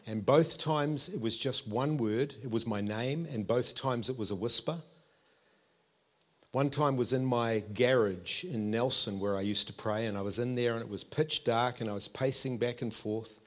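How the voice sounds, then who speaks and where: A man in his fifties with a New Zealand accent, preaching a sermon in a conversational, animated way and checking in with his listeners. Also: medium pitch, normal speed.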